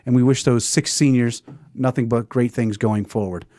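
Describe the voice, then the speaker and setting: A man hosting a live show, chatting casually and joking rowdily with loud laughs. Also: mid-range voice, fairly even intonation, moderate pace, dry recording, studio quality. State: out of breath. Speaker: host.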